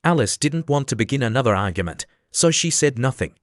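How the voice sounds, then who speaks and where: A man reading a classic story aloud as an audiobook narrator, steady and even. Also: mid-range voice, a little fast, no room sound, studio quality. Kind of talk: scripted narration.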